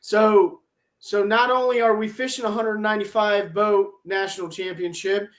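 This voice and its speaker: A man, a tournament angler, telling an animated, wry story on a podcast. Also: high-pitched, normal speed.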